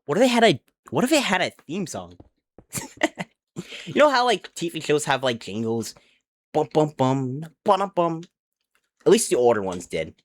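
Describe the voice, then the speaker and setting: A man's voice: a little high, very animated, normal speed. Chatty young man streaming. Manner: rambling and chatty, talks to chat, counts aloud under his breath. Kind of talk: casual livestream chat while building in a game. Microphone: desk mic with headphone monitoring.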